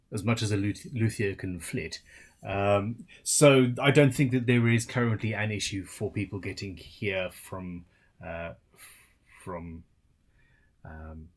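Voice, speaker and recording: A tired man, hosting a casual live-stream Q&A as a luthier, chatty and rambling with self-deprecating asides. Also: fairly low pitch.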